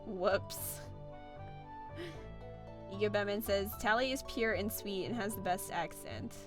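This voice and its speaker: A woman's voice: mid-range voice, slow, music in the background. A young woman streamer chatting casually while playing, reading viewer comments aloud with a playful, filler-heavy way of talking. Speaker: gaming streamer.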